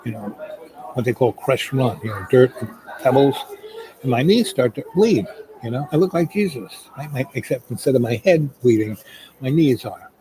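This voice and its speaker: A man's voice: medium pitch, lively intonation, moderate pace, warm tone, poor audio. Rambling middle-aged man telling a story. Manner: rambling, full of "um" and "you know". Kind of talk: casual spoken anecdote. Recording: crowd chatter in the background.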